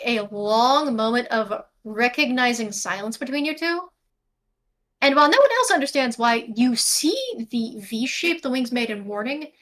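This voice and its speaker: A woman's voice: high-pitched, a bit bright. A woman narrating a tabletop game as game master over a video call, descriptive and prone to self-corrections.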